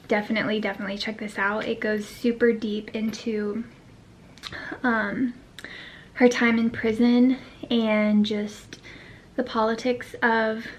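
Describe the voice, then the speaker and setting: A tired woman chatting to camera as a book vlogger, rambling with lots of fillers and the odd whispered aside. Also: on the high side. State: tired, yawning. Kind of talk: casual chat to camera.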